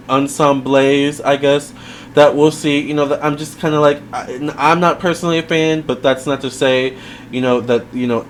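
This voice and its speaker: A man's voice: medium pitch, a little hiss or hum. A man giving a casual video review, chatty and rambling, with lots of fillers and side remarks. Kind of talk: casual commentary.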